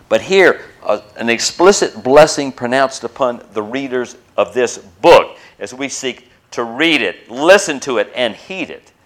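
A man preaching a sermon as pastor, emphatic, swinging between loud and soft, asking rhetorical questions and pausing on uh and um. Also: fairly low pitch. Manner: frequent hesitations with uh and um.

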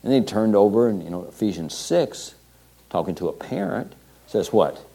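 A low-pitched man tells a long story from the pulpit, quoting scripture along the way. He speaks haltingly, full of "um"s, restarts and small asides. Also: big pitch swings, creaky, warm tone, breathy edge. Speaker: preacher. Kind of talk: sermon storytelling.

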